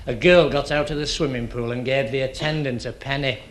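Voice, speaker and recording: A man doing a stand-up routine of dry, deadpan one-liners. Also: mid-range voice, a little fast. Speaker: stand-up comedian. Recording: loud hiss on an old club recording. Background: audience laughter.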